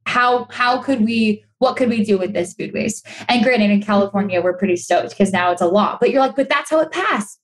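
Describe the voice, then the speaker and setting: A woman's voice: mid-range voice, fairly quick, few pauses. Chatty young woman, lots of "like"s. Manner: animated, chatty, many "like"s and restarts; acts out quoted voices for emphasis. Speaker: podcast guest, sustainability creator. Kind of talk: casual interview chat.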